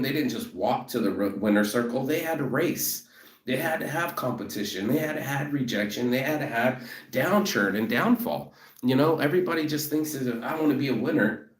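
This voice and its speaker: A man in a profane motivational rant about rejection, emphatic and repetitive, who says he is walking toward a train station. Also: medium pitch. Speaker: vlogger. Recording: echoey, from a distance.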